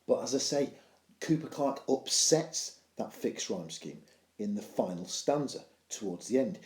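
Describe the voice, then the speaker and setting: A man's voice: medium pitch, mellow, reverberant. A male teacher giving a video lesson on poetry analysis, explaining with playful, self-mocking humour.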